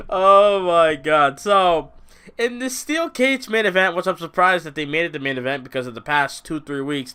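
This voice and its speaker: Man, solo review vlog, animated swooping pitch, clear smooth voice, excitable and rambling. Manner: excitable and rambling, with frequent restarts. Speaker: wrestling show reviewer.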